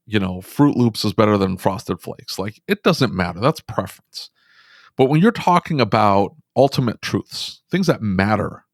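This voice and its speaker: Emphatic man, low register, dry close mic, quick bursts, shop-owner guest. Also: no echo. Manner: animated, emphatic, talks fast in bursts. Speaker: auto repair shop owner, podcast guest. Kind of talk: casual storytelling conversation.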